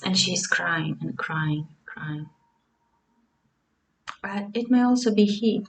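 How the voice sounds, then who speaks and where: A woman with a talks through a tarot spread in a slow, musing, hesitant way. Her voice sits a little low, and she sounds a bit distant from the microphone. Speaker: tarot reader. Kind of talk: casual tarot reading to camera.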